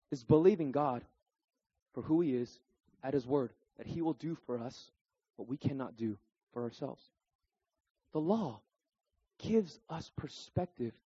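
A man in his thirties delivers a sermon in a rather high, breathy voice. He tells stories in a lively, animated way, often checking in with his listeners with a quick "right?". The recording sounds dull and muffled. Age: 30s. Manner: animated storytelling, keeps asking "right?". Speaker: pastor.

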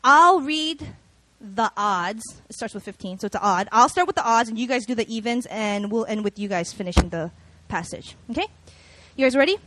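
Animated, high-voiced woman preaching. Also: brisk, dry recording. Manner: animated, expressive, conversational with many fillers. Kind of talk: sermon with personal storytelling.

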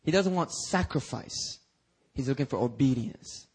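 A male pastor preaching a sermon, acting out dialogue with God and Jesus and jumping into high shouts. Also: animated, moderate pace, husky. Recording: preached live in a church.

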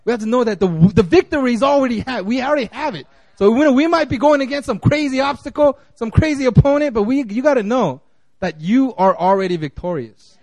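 A man's voice: extremely high pitch, a little fast, darkish tone, no room sound. A man giving a casual, conversational sermon, full of fillers and restarts as he talks. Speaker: guest preacher.

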